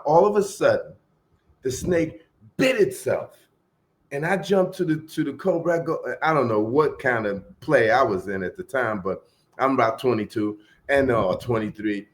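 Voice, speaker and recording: A middle-aged man telling a long story as a podcast guest in a relaxed, casual way, trailing off into fillers and acting out the voices of the people in it. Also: medium pitch. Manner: laid-back, acts out quoted voices, trails off into fillers.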